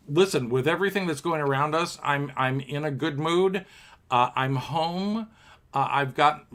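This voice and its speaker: A man with a high-leaning, pushed, bright voice hosts a piano bar livestream from his home apartment. He sings show tunes, reads viewer comments out loud, and banters with the audience playfully.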